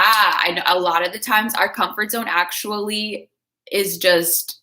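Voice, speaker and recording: A woman's voice: fairly low pitch, pushed and bright. A woman giving casual motivational talk on a livestream, chatty and coaching, reading out viewer comments. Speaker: fitness creator.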